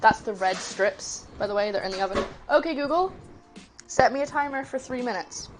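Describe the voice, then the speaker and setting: A woman's voice: a little high, expressive, brisk, over music. A woman hosting a cooking livestream, chatting casually and rambling, laughing easily as she greets her chat.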